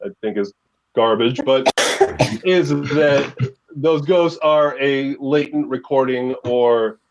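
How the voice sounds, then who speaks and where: A man hosting a casual roundtable chat, telling jokes in a rambling, animated way. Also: medium pitch, takes it slowly, poor audio. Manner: joking, rambling, animated storytelling. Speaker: podcast host.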